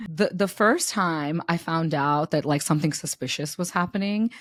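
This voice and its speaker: A young adult woman on a podcast, telling a personal story in a candid, animated way, laughing as she goes and swearing freely. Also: low voice, normal speed, no room sound. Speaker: podcast co-host. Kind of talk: casual podcast chat, storytelling.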